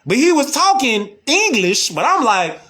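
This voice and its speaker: A man's voice: extremely high pitch, sing-song, measured pace, pushed and bright. A man with a Chicago accent, talking casually and loosely in a slangy monologue and often repeating "you know what I'm saying.". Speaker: social media talker.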